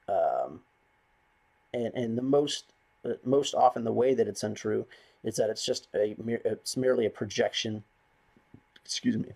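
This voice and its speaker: A man's voice: lowish voice, vocal fry, darkish tone. A man vlogging a bitter, rambling, profane rant to the camera. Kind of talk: ranting monologue to camera.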